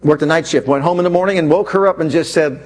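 A male preacher giving an animated sermon, telling a personal story and reading scripture aloud with emphasis. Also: a little high, fast.

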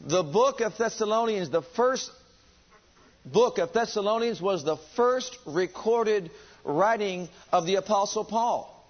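High-voiced preacher asking rhetorical questions. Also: male voice, expressive, measured pace, dull audio. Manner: rhetorical questions, emphatic repetition. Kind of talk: sermon.

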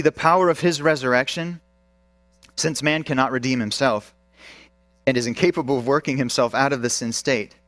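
A man's voice: mid-range voice, fairly bright tone, no room sound. A male pastor preaching a sermon with emphasis, asking the congregation questions.

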